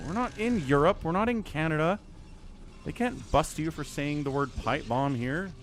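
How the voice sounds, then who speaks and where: A man's voice: fairly high pitch, lively intonation, measured pace, slight background noise. A man streaming casual game commentary, sarcastic and rambling as he talks to his chat. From United States. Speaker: esports caster and streamer.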